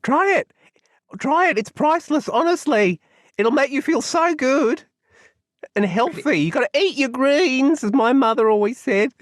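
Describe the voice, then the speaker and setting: A man voicing an odd little plant-creature man who coaxes in a breathy, high way. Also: animated, unhurried, no room sound, clean studio sound. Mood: coaxing.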